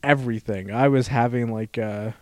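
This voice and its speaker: A young man co-hosting a podcast, telling a story in a rambling, halting way, full of fillers and loudly acted-out quotes. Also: mid-range voice, steady tone, no room sound. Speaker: podcast co-host. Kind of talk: casual chat, storytelling.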